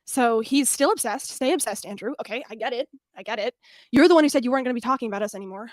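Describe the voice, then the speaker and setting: A woman's voice: on the high side, rapid-fire, darkish tone, no room sound, studio quality. A young woman streaming in casual chat, out of breath, blunt and self-deprecating.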